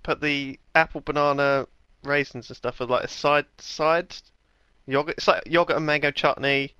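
A man's voice: fairly high pitch, fairly even intonation, moderate pace, sharp tone, clear, resonant tone, no echo, highs cut off. A young man co-hosting a podcast, chatting casually, teasing and laughing often. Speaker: podcast co-host. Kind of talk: casual chat.

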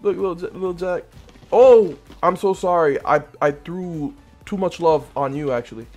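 A man chatting playfully with teammates during an online shooter, teasing and swinging between loud excitement and low mumbling. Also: measured pace, soft background music. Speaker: gamer streaming with random teammates. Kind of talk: casual game commentary to teammates.

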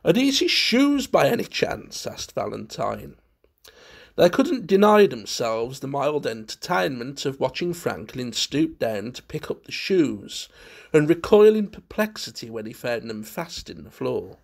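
Slow, gravelly man narrating a ghost story. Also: medium pitch. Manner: measured, expressive storytelling.

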